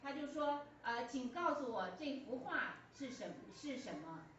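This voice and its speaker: A woman's voice: high voice, sing-song, moderate pace, a bit bright. A woman interpreting a sermon phrase by phrase, with hesitant fillers and restarts as she goes. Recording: echoey church hall, distant mic, dull lo-fi, faint hum.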